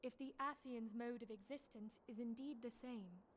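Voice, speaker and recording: A thoughtful young female leader from a game, as an actress plays her, speaks in a slightly raised, measured and formal voice. She sounds earnest and reflective, with faint background ambience. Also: fairly high pitch, slight background noise, close to an everyday voice. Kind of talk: game cutscene voice acting.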